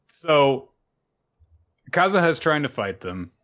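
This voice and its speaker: A man's voice: fairly high pitch, very animated, fairly bright tone, dull audio. A man casually recapping a comic chapter as a podcast host, loose and profane, with many fillers. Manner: loose and profane, fillers, jumps into quick character voices.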